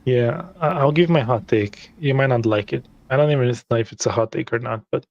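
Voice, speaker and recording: A man's voice: mid-range voice, brisk, darkish tone, lo-fi sound. A man from Brazil chatting eagerly about role-playing games, often repeating words.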